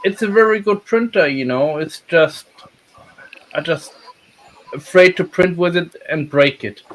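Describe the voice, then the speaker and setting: A man's voice: fairly high pitch, a little slow, a bit bright, slight background noise, low-quality recording. Hesitant man with phrasing. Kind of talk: casual podcast chat.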